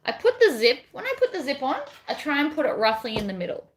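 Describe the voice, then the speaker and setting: A woman with a slightly high voice chats as she works at the sewing machine. Her talk is rambling and casual, as on a crafting livestream. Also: sing-song, fast. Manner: chatty, reads out viewer comments, rambling. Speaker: bag pattern designer.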